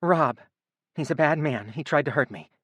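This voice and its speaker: A man's voice: on the high side, normal speed, fairly bright tone, no room sound, voice pushed up. A man reading an audiobook, voicing a frightened mother defending her family, his voice raised and quivering. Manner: quivering, pleading.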